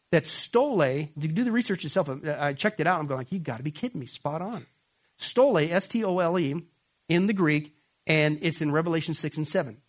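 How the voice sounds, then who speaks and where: A man preaching a sermon, talking straight to his listeners and pushing his points hard. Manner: emphatic, builds to raised, excited pitch when quoting; addresses listeners directly as folks. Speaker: pastor.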